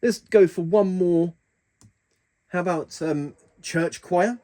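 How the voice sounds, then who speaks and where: A man's voice: high voice, takes it slowly, mellow. A man hosting a keyboard tutorial, talking casually through the settings with plenty of fillers and restarts. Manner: chatty, hesitant with fillers and restarts.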